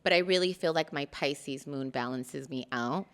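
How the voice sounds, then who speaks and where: A woman's voice: sits low, normal speed. A woman guest in a podcast chat, candidly telling a personal story and slipping in Spanish phrases.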